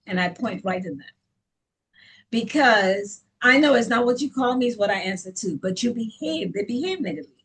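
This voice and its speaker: A woman's voice: fairly high pitch, lively intonation, fairly quick, a bit bright, low-quality recording. A woman from the Caribbean, a salon owner, telling personal stories bluntly and emphatically as an interview guest, often repeating words as she builds a point. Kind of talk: candid personal storytelling.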